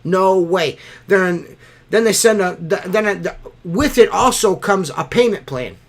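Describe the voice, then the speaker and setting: A slightly high-voiced man in casual podcast talk. He tells his stories in a profane, ranting way, getting worked up as he goes. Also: expressive, moderate pace, gravelly. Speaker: podcast host. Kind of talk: casual chat.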